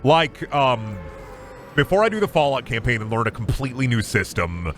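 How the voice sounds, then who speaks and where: A man's voice: medium pitch, lively intonation, normal speed, a bit bright, a little hiss or hum. A man streaming a game, chatting casually in a rambling, silly, self-deprecating way. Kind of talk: casual chat while gaming.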